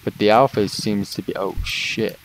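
Low gravelly dude commentating his game, swears a lot, faint noise behind. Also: normal speed, low-quality recording. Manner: excitable, swears, addresses viewers as boys. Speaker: gaming channel host. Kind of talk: let's play commentary.

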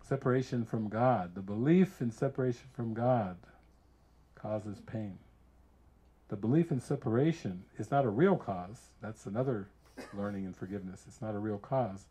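A man, a spiritual teacher, giving a casual talk full of animated stories and frequent laughter. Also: fairly low pitch, normal speed, slightly rough. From United States. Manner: animated storyteller who laughs often.

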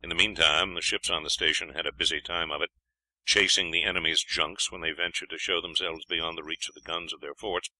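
A man reading a story aloud as an audiobook narrator, in a measured manner. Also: low-pitched, steady tone, pushed and bright, no echo, rough recording. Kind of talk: scripted narration.

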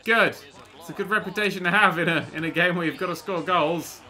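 A man commentating on a video game he is playing, excitable and sweary with jokey exclamations. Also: high-pitched, a little fast. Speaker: gaming YouTuber. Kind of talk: let's-play commentary. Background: faint game music.

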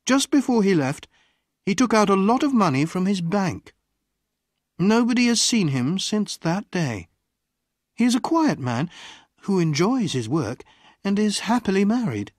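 Audiobook narration, slow clear pacing, lively pitch, dry studio sound. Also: dry recording. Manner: slow, clearly paced storytelling. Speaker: audiobook reader. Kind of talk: scripted narration of a graded reader.

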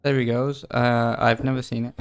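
A laid-back man talking through a game with a friend, teasing back and swearing freely. His voice sits in an ordinary mid pitch, easygoing and unhurried. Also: flat delivery, clear, resonant tone. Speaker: let's play co-host. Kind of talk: casual gaming chat.

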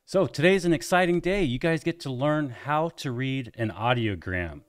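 A man's voice: medium pitch, lively intonation, normal speed, dry recording, studio quality. A middle-aged man hosting an explainer video, teaching in plain, friendly layman's terms. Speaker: host explaining hearing tests.

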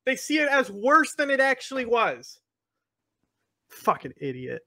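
High, bright-voiced blunt man. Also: moderate pace. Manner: blunt, profane, mocking, interrupting. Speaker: podcast co-host. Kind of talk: casual heated chat.

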